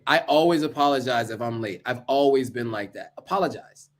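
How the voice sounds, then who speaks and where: A man's voice: medium pitch, fairly quick, a bit bright. A man giving earnest, casual advice to camera, listing tips with asides along the way. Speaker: vlogger.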